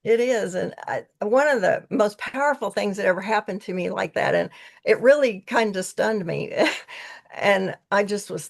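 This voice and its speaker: Female guest, earnest rambling storyteller with a gravelly, creaky edge. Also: mid-range voice, moderate pace. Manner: earnest, rambling, with frequent restarts. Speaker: podcast guest, tea leaf reader. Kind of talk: casual storytelling conversation.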